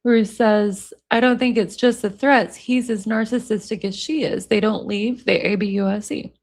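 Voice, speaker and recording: A woman's voice: medium pitch, fairly even intonation, normal speed, a little mellow. An American woman chatting casually on a livestream, reading viewer comments aloud and rambling on between them. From United States. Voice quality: says y'all, self-described hillbilly.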